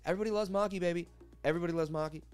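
A man's voice: high-pitched, steady tone, rapid-fire, darkish tone, smooth, faint music behind, voice pushed up, lightly acted. A man putting on a boastful male movie star with a Boston accent, swaggering and calling the listener babe over and over. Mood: cocky bragging.

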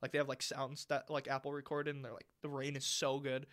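A man's voice: medium pitch, monotone, a little fast, a bit bright. A young man co-hosting a casual podcast chat, ranting and swearing freely with lots of fillers. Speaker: podcast co-host.

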